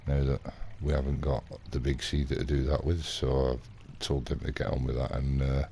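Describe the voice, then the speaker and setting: Gravelly deep-voiced man. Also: level tone, normal speed, mellow, a little hiss or hum. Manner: rambling, indignant anecdote telling with acted quotes. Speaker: gaming vlogger. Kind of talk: casual in-character gameplay storytelling.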